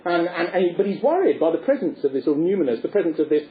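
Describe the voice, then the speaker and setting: A man telling a lively, theatrical anecdote as a speaker, chuckling as he goes. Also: on the high side, fast. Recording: echoey, phone-like lecture recording.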